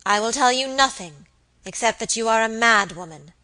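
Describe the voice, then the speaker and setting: A cold, scornful aristocratic lady, voiced by a woman reader, gives orders in a hard, clipped tone. Her voice is bright and fairly high, yet stern and without warmth. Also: animated, normal speed, rough recording. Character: cold, imperious noble lady, harsh and scornful.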